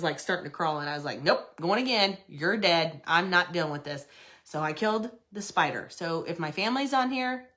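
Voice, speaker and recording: A middle-aged woman chats casually on a home decor livestream, recorded from her office. She tells stories in an animated, rambling way and laughs often. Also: fairly low pitch. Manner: chatty, animated storytelling with laughs. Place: her office in a shed building.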